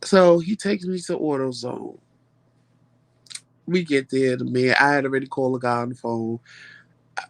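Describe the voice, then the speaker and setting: Gravelly high-voiced man ranting a story. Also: no room sound. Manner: dramatic, profane, animated retelling. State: voice going hoarse. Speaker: vlog host. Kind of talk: casual storytelling chat.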